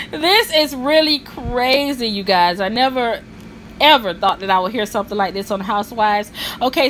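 A woman's voice: fairly high pitch, a bit bright, a little hiss or hum. Chatty gossiping woman vlogger. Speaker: vlog host. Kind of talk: casual gossip commentary.

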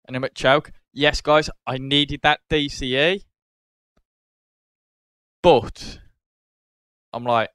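Unhurried British man calling out cards. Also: medium pitch, clean tone, no echo. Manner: reads out card names, gets loudly excited over good pulls. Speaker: card-opening channel host. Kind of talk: casual card-opening commentary.

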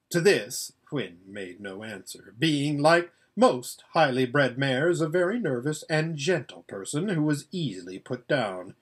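Male audiobook narrator, husky, lively expressive storytelling. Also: mid-range voice, unhurried, few pauses. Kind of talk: audiobook reading.

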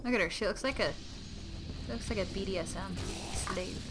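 A young woman giving excitable, giggly let's-play commentary at home while gaming. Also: mid-range voice, normal speed, over music. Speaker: gamer. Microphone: webcam or desk mic. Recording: noisy game audio behind.

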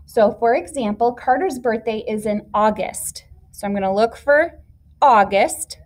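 Woman, teacher, fairly high voice, patient, step-by-step instructions for children. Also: a little mellow. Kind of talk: classroom instruction video.

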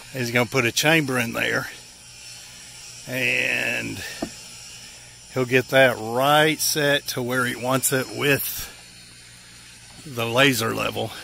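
A man's voice: mid-range voice, gravelly, bright, forceful tone, slight background noise. A man with an Appalachian accent narrating outdoor work casually, out of breath and joking in folksy slang. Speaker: vlogger.

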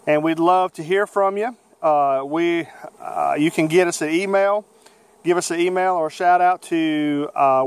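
A man with a Southern American accent, a beekeeper talking through a how-to video outdoors in his bee yard in a folksy, unhurried way with many fillers. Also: on the high side, clean tone. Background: buzzing bees.

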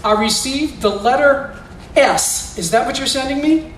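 This magician's voice is very high, unhurried and fairly bright as he entertains a school audience, guiding child volunteers through mind-reading tricks with theatrical, playful live patter. The setting is an indoor school room or gym. The recording is echoey with a faint hiss or hum, and he sounds far from the microphone.

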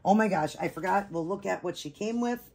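A woman vlogger chatting excitedly to her viewers while unboxing, gushing with drawn-out exclamations. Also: medium pitch, a little hiss or hum. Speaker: reborn doll vlogger.

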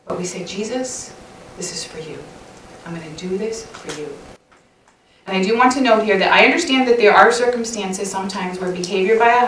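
A woman's voice: mid-range voice, fairly bright tone, a little hiss or hum. A middle-aged woman telling a chatty, self-mocking story to a church women's session, laughing often. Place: church hall. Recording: roomy hall sound, mic at a distance.

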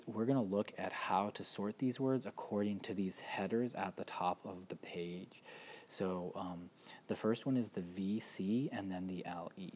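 A man teaching a spelling lesson, patiently explaining step by step with frequent pauses and ums. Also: sits low, a little mellow, slight background noise. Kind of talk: instructional walkthrough.

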